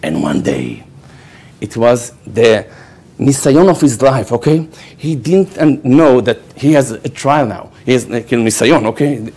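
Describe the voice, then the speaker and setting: Animated man telling a Torah story. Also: mid-range voice, unhurried, creaky, breathy edge. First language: Hebrew. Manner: animated storyteller who acts out quoted voices and keeps asking "okay?". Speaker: rabbi giving a lecture. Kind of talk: storytelling Torah lecture to a live audience.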